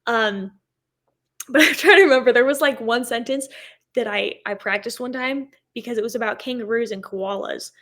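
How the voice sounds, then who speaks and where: A young woman with an American accent chats easily as a podcast guest. Her voice sits a little high, and she laughs often and scatters fillers through her talk. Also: normal speed, bright, forceful tone. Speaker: guest, motocross racer. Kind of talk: casual interview chat.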